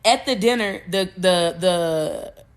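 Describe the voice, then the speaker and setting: A woman hosting a podcast, retelling a movie plot in a loose, animated way, with cursing and frequent self-corrections. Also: lowish voice, takes it slowly. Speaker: podcast host.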